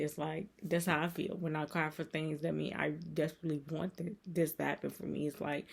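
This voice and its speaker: Gravelly-voiced woman giving an earnest devotional talk. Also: low voice, a little mellow. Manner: rambling and repetitive, circling back on her points; earnest and emotional. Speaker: faith content creator.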